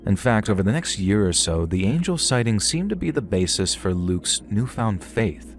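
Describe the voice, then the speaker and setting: Deep-voiced man narrating horror. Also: sing-song. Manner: measured, conversational storytelling with slang. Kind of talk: scripted first-person horror narration. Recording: faint music underneath.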